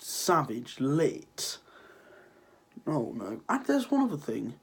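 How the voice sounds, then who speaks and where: A man's voice: a little high, huge pitch swings, slow pace, creaky, pauses often, breathy edge. A teenage lad with a cold, sniffling through a rambling, sarcastic rant to his viewers. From Ireland. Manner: sarcastic, rambling, swears freely. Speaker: vlogger. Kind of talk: casual ranting vlog.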